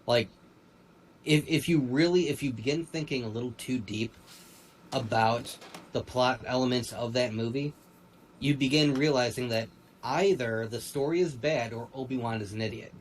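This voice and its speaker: A man's voice: mid-range voice, moderate pace, a little hiss or hum, low-quality recording. A man co-hosting a casual pop-culture discussion, rambling and restarting his sentences. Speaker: podcast co-host.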